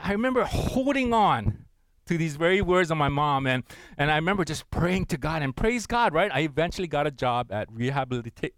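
Animated man preaching a sermon. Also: a little high, no room sound, poor audio. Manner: animated, playful, big swings between loud and hushed. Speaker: pastor.

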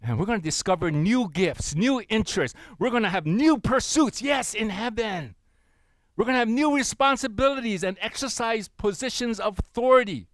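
A middle-aged man preaching a sermon, animated and repetitive, often calling for responses from the congregation. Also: high-pitched, moderate pace, dry recording, studio quality.

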